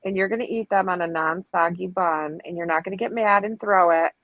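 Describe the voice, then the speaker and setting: Quick, teasing woman, dead-dry close mic. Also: on the low side, no room sound, lo-fi sound. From upstate New York. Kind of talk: casual group chat.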